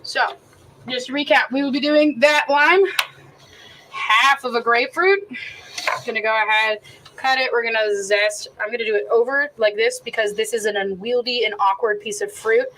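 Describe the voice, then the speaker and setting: A fairly high-voiced woman runs a casual cooking demo outdoors, talking fast and loose with plenty of swearing. She drifts into rambling rants between steps, with a faint hum of the open air behind her. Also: steady tone. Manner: chatty, profane, rambling rants. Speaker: cooking show host and chef.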